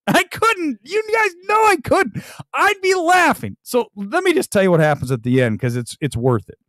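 A man's voice: extremely high pitch, normal speed, no echo. A male host ranting about a movie on a live stream, mocking it and laughing often as he talks. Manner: animated, mocking, laughs a lot while ranting.

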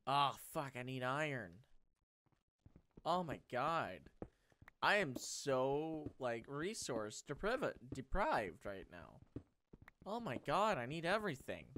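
A man thinking aloud while playing a game, excitable and quick to swear, moving from low mutters to sudden excited outbursts. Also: slight background noise. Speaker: Let's Play host. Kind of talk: gameplay commentary.

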